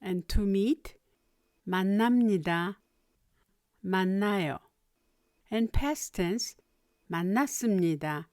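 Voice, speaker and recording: An older woman whose first language is Korean, giving a slow, deliberate beginner language lesson. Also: medium pitch, animated, a little mellow, no echo, clean studio sound. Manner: clear, deliberate, pausing between drilled words.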